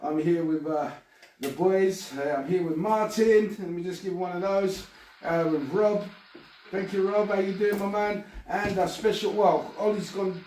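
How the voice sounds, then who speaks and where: A man's voice: high-pitched, measured pace, a little mellow, slight background noise. A man hosting a casual podcast, rambling and joking with his guests and swearing freely. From Britain. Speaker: podcast host. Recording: roomy sound from a distant mic.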